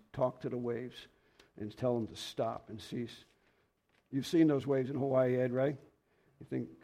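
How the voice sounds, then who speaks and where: Gravelly, folksy male preacher. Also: medium pitch, dark tone. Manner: folksy, rambling, anecdotal. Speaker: lay preacher. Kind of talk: informal sermon with scripture reading.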